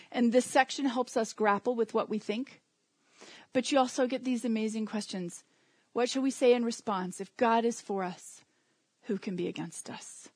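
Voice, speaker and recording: A woman delivers a sermon in a conversational tone, mixing scripture with humorous everyday asides. Her voice sits fairly high. The recording is close and dry, with almost no room sound. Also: no echo. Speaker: preacher.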